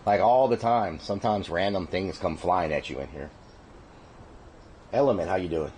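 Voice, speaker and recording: A man's voice: low-pitched, moderate pace, darkish tone, slight background noise. A man hosting a casual outdoor live stream, drawling loose jokes and asides to his chat. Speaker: livestream host.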